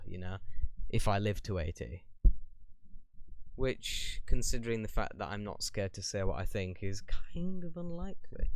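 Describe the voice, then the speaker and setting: A man's voice: fairly low pitch, smooth. A young man in a casual question-and-answer vlog, talking bluntly in a rambling, opinionated way. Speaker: YouTuber.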